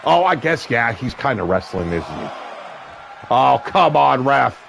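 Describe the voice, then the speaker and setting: A man calling a wrestling match play-by-play, brash and crude, with sudden shouted bursts of excitement. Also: medium pitch, unhurried, creaky, slight background noise. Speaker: wrestling commentator. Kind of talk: play-by-play commentary. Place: seated at a ringside commentary table.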